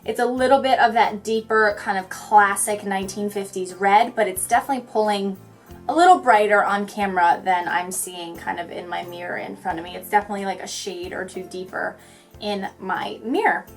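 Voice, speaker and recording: A young woman chatting her way through a makeup tutorial, talking fast in a bubbly, goofy way. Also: medium pitch, faint music behind. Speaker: beauty vlogger.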